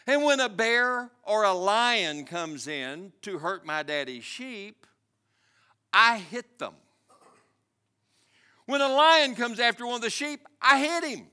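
Brief: a bold, defiant shepherd boy, as a preacher retells him, high and lively voice. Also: slow, smooth, exaggerated voice.

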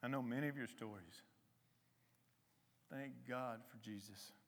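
Slow-preaching man in a reverberant hall. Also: mid-range voice. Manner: conversational preaching, emphatic rises, soft slow sung hymn. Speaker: lay preacher. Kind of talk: sermon. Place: church hall.

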